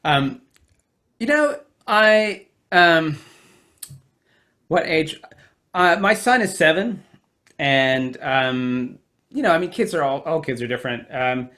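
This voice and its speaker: Author guest, American man, nasal, halting with fillers, video call. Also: a little high, pushed and bright. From United States. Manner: hesitant, many fillers. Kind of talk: virtual event conversation. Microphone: home computer mic on video call.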